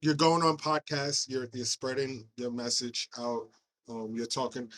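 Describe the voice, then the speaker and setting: A man's voice: medium pitch, level tone, unhurried, a bit bright. A male podcast host with a mid-range voice asks his questions in a loose, rambling way. He restarts and repeats words before landing on the point. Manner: rambling, repeats himself while asking. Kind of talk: podcast interview.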